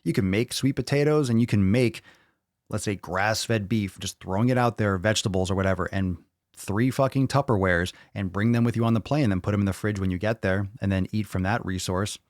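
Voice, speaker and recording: A man with a lowish voice, recorded dry and close, running a casual live fitness Q&A. He reads out viewer questions and answers them bluntly, swearing freely. The delivery is loose, offhand and unscripted. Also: brisk, dry recording. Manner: blunt and profane, reads questions aloud then rants.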